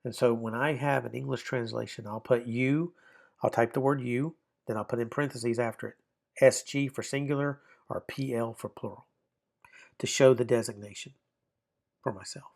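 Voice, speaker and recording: Man teaching a relaxed online lesson. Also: medium pitch, normal speed, gravelly. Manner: explanatory, repeats and rephrases himself with fillers. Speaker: Greek grammar teacher.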